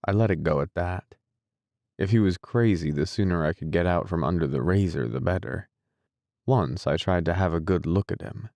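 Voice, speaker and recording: A man narrating a classic novel as an audiobook, in a measured, deliberate reading style. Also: low voice, gravelly, mellow, no room sound, clean studio sound. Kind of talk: scripted narration.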